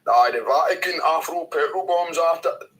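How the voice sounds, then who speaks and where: This is a man with a strong Scottish accent heard over a video chat. His voice sits a little high and cuts bright and sharp. He talks loud and crude, needling the other person and swearing at every turn. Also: moderate pace, low-quality recording. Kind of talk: provocative casual chat.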